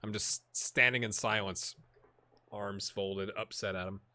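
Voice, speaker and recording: A man hosting a gaming video, chatting and reacting excitedly as he plays a football management game. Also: on the low side, measured pace, no echo. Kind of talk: live commentary while playing a football management game.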